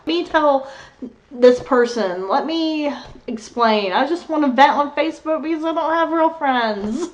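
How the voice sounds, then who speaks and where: A woman's voice: sits high, animated, moderate pace. A young adult woman vlogging, telling a rambling story in casual chat and laughing as she goes. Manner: candid, rambling, laughs through her story.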